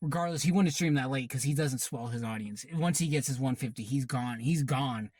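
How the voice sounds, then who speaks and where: A man's voice: medium pitch, a little fast, a little mellow, dry recording. A man hosting a reaction channel, delivering heated, profane, sarcastic commentary.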